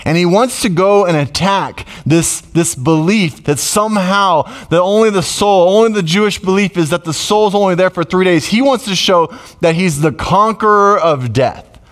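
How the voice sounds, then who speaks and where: A middle-aged man preaching a sermon as pastor, conversational and emotional, with sudden loud rises. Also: high-pitched, normal speed.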